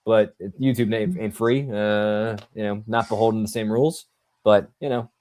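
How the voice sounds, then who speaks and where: A man's voice: lowish voice, steady tone, normal speed, darkish tone. A man co-hosting a live tennis watchalong, mixing jokey asides with casual play-by-play. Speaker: watchalong co-host and commentator.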